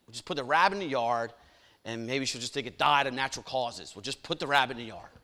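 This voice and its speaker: A man voicing a flustered suburban father of two boys, speaking in a hurried, earnest way. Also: medium pitch, bright, forceful tone, pitched below the performer's own voice, lightly acted. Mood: calming.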